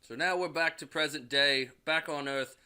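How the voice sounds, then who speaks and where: Recapping a movie, a young male reviewer curses constantly in a casual, crude style and now and then voices a character's line. His pitch is fairly high, his speed normal, and his tone bright, forceful, and smooth.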